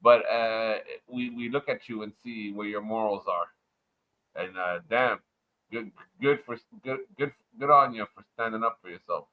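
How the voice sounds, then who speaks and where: A man from Montreal ranting crudely and loudly in a casual livestream chat. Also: on the low side, measured pace. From Montreal, Canada. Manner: loud, profane, swaggering rant. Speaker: livestream panel guest. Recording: muffled lo-fi online audio.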